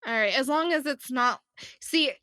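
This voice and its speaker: A woman's voice: high-pitched, normal speed, sharp tone, no echo, clean studio sound. A woman co-hosting a podcast in casual chat. She laughs often and talks playfully from a room beside an open window. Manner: giggly, playful. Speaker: podcast co-host.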